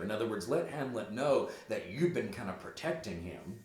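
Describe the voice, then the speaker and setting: A man's voice: on the low side, lively intonation, moderate pace, few pauses, darkish tone. A man teaching a play, reading it aloud and explaining it in casual asides. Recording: echoey room.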